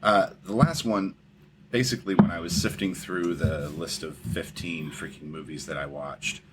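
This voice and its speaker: Deep-voiced man rambling about films. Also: fairly even intonation, normal speed, heavy background noise. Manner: rambling, repeats words, swears casually. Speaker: podcast co-host. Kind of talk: casual film discussion.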